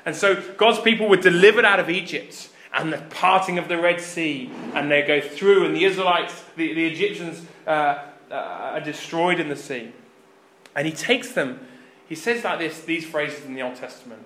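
Animated male preacher in an echoey room. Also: a little high, normal speed, a little hiss or hum. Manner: animated storytelling, acting out quoted lines with sudden loud rises. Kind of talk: sermon.

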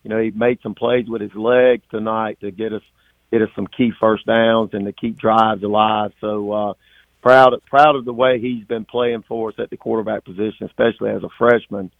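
A high school football coach, a man with a gravelly, creaky voice, talks haltingly with many fillers and restarts. He is heard over a tinny, narrow phone line. The sound is dry and close. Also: little pitch movement, no echo. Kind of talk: postgame phone interview.

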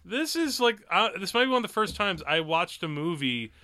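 A man's voice: high-pitched, big pitch swings, moderate pace, pushed and bright, no room sound. A man co-hosting a podcast, chatting casually about movies, rambling with lots of fillers and frequent laughs. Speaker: podcast co-host. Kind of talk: casual movie review chat.

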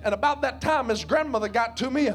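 A man delivers a revival sermon in a church, his voice pitched very high and rough with gravel. He shouts in a hammering rhythm, tagging phrases with a breathy "uh" and slipping into homespun storytelling. Music plays steadily beneath his preaching. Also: fast. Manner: folksy storytelling, calls himself a redneck. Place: church sanctuary.

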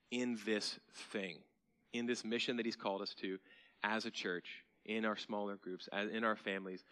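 A man pastor preaching a sermon in a church, conversational and then emphatic, sometimes dropping to a soft hush. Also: mid-range voice.

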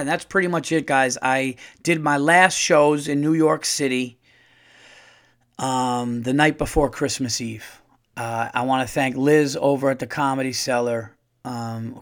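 Profane, fast-rambling comedian host. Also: male voice, fairly high pitch. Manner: profane, animated, rambling with restarts. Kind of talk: casual monologue.

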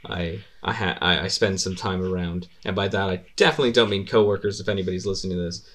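A man with a fairly low voice chats loosely on a podcast. He rambles through stories, swears freely and laughs often as he goes. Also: quick pace, a bit bright. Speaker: podcast host. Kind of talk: casual podcast chat.

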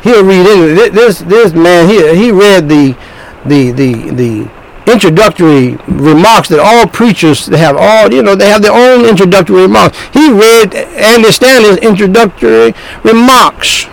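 High-voiced, animated man preaching. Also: measured pace, gravelly, poor audio. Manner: emphatic, animated, repeats himself. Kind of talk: sermon.

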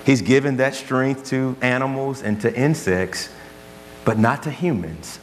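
A man's voice: medium pitch, measured pace. A man preaching a sermon as pastor, earnest and conversational, telling stories to make his point. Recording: long hall reverb, faint hum.

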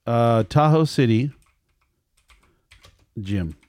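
A man's voice: medium pitch, animated, very slow, a little mellow, clear, resonant tone, dry recording, clean studio sound. A middle-aged man telling a family story in casual conversation, rambling and correcting himself as he acts out quoted lines.

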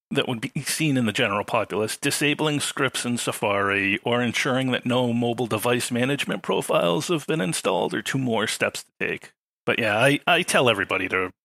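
A man with a crisp, bright voice and a gravelly undertone. He explains things at a measured pace in a casual podcast discussion. His dry humor comes through now and then, and the recording sounds dry and close to the mic. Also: mid-range voice, dry recording. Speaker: podcast panelist.

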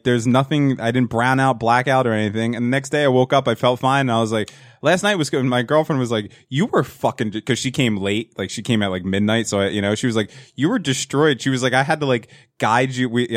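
A man's voice: medium pitch, fast talker, no echo, studio quality. A young man rambling through casual, profane stories in a podcast chat.

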